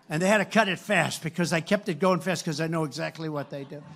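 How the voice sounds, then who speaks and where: An older man with a gravelly voice delivers a campaign rally speech into a stage microphone. He rambles and repeats himself, turns sarcastic, and swings from loud, punchy lines to low asides. His voice sits a bit high for a man. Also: a little fast. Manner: rambling and repetitive, swinging between loud and soft. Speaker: political candidate. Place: rally stage before a crowd.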